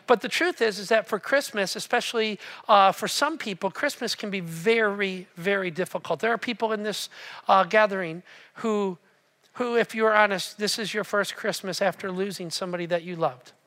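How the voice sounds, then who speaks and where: A man's voice: high-pitched, moderate pace, sharp tone. A man preaching a sermon to a church congregation, talking in a conversational, joking way and asking the room questions. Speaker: pastor. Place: church auditorium.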